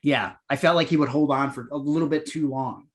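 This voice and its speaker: A man's voice: fairly high pitch, fairly even intonation, fairly quick. A man hosting a podcast interview, laid-back, laughing along and asking follow-up questions. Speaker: podcast host. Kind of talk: casual interview chat.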